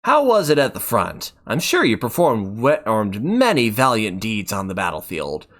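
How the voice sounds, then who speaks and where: A man's voice: lowish voice, wildly swooping pitch, moderate pace, a bit bright. Man voicing a wheedling town punk. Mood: fawning. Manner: wheedling, fawning. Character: crafty fawning young male town punk.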